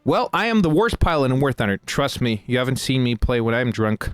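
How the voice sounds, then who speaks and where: A man hosting a live game stream who chats away as he plays, full of fillers and quick laughs. His voice sits at an average pitch. The sound is dry and close to the mic. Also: big pitch swings, smooth, no room sound. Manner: chatty, with many fillers and laughs. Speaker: host and game narrator. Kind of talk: casual chat while playing a game live.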